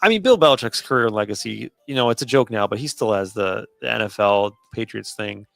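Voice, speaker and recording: A man's voice: lowish voice, lively intonation, brisk, vocal fry, fairly bright tone, dry recording. A man co-hosting a casual sports podcast, confident and teasing. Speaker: podcast co-host.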